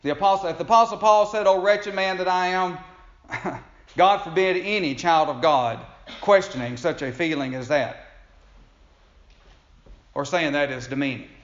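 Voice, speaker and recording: A man's voice: a little high, normal speed, long pauses. A man preaching a sermon in a folksy, conversational way, chuckling and restarting his sentences. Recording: echoey room, dull lo-fi sound.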